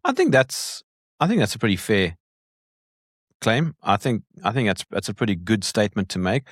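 A man's voice: lowish voice, big pitch swings, normal speed, slightly rough, dry recording, studio quality. Emphatic man who laughs often. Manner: emphatic, laughs often, repeats words at the start of sentences. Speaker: podcast guest. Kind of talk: casual conversation.

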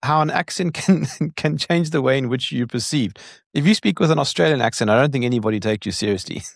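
A man's voice: medium pitch, expressive, quick pace, creaky, dry recording, clean studio sound. Emphatic man who laughs often. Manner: emphatic, laughs often, repeats words at the start of sentences. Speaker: podcast guest. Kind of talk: casual conversation.

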